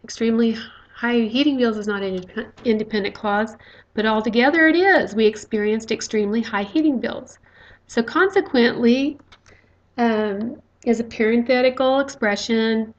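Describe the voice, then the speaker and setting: Woman teacher going over grammar, bit high voice, patient, lots of okays and uhs. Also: normal speed, highs cut off. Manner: patient, explains step by step with frequent "okay" and "uh". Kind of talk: recorded grammar lecture.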